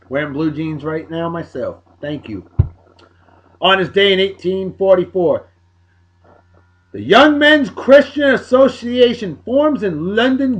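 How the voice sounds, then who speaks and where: A man hosting a daily show, running through historical dates in casual commentary, joking with playful emphasis. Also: a little high. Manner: jokey, wisecracking asides with playful emphasis. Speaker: host of a daily beer and song show.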